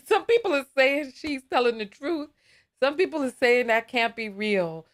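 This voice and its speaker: A woman's voice: high voice, expressive, a little slow. A woman hosting a live call-in talk show, laughing often and sounding exasperated.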